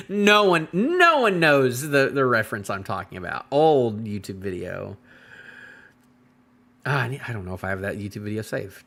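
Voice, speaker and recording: With a mid-range voice that's a little slow and carries vocal fry, a man gives a rambling, animated reaction to a manga chapter on stream. He pauses frequently and speaks to his chat.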